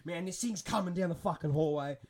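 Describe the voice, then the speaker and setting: High-voiced profane man storytelling. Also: brisk. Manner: profane, animated storytelling with frequent swearing. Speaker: podcast co-host. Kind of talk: casual storytelling chat.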